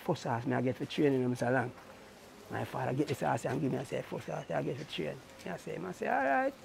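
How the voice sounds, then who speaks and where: A man's voice: medium pitch, animated, fairly quick, creaky, slight background noise. A middle-aged man, a racehorse trainer telling stories in an interview, acting out other people's lines as he goes. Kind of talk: casual storytelling interview.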